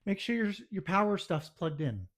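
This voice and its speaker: A man's voice: sits high, very animated, moderate pace, a little hiss or hum. A man narrating his own home baking video, muttering to himself with self-deprecating exasperation as things go wrong in his kitchen.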